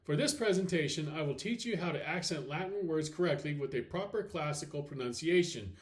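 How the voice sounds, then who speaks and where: A man teaching a recorded slide lesson, explaining step by step, checking in with "okay" and saying example words slowly and deliberately. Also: on the high side, animated. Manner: clear step-by-step explaining with frequent okays. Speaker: Latin teacher.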